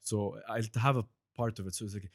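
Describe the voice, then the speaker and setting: A man's voice: lowish voice, fairly quick. A man talking casually as a podcast guest, an impressionist who keeps saying "you know" and slips into voices. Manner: animated, breaks into impressions and accents; many fillers like "you know". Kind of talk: casual chat.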